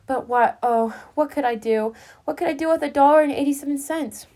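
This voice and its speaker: A woman's voice: high voice, brisk, dark tone, voice pushed up. A woman voicing a young loving wife who speaks in an eager, pleading way in a storybook reading.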